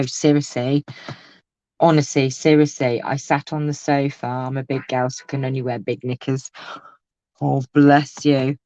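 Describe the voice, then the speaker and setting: A woman's voice: very deep voice, no room sound. Bubbly woman crafting live, gushing and laughing, dull dry lo-fi audio. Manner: chatty, exclamatory, laughs often. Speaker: crafting vlogger. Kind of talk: casual live crafting chat.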